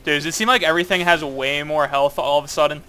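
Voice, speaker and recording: A man's voice: a little high, steady tone, quick pace, pushed and bright, a little hiss or hum. A man chatting casually while playing a co-op game, rambling playfully with lots of fillers. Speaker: co-op gameplay commentator. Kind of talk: casual gaming chat.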